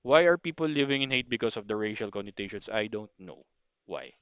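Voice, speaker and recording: A man's voice: lowish voice, animated, brisk, clear, resonant tone, dry recording. A man in his thirties from the Philippines with a Filipino accent, hosting a podcast as a casual opinion monologue, rambling with frequent restarts and apologies. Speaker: podcast host. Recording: thin phone-like audio.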